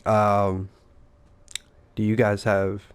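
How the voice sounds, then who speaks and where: A man's voice: on the low side, monotone, drawn-out words, clear, resonant tone. A man and father, co-hosting a casual gaming chat, rambling and profane, acting out the lines people said. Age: adult father. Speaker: gaming podcast co-host.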